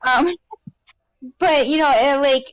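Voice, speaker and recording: A woman co-hosting a casual podcast from home, chatty, trailing off into quick asides. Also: sits high, low-quality recording. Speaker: podcast co-host. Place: home with pets.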